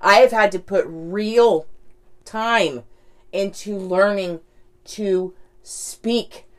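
A woman's voice: medium pitch, extremely slow. A woman talking candidly in a casual reflective monologue, rambling, with lots of "like" and "right?".

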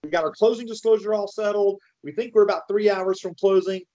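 High-voiced man telling lending stories. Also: steady tone, brisk, dark tone, dull audio. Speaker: mortgage lender guest. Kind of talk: casual chat.

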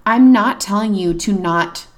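A woman's voice: medium pitch, unhurried. A woman co-hosting a casual advice conversation, chatty with lots of fillers, who acts out the things she would say to friends. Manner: chatty, frequent "like" and "you know" fillers. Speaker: podcast co-host.

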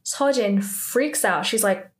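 A woman's voice: medium pitch, slow. Woman drama recapper, chatty and filler-heavy, prone to indignant asides, mid-range voice. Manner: jumps into indignant commentary on characters.

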